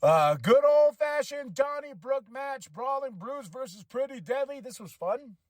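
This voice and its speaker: A man hosting a podcast, casually recapping a wrestling show, animated and quick to laugh as he acts out what the wrestlers said. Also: very high-pitched, dry recording. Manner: animated, acts out quotes in changing voices, laughs often. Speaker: podcast host.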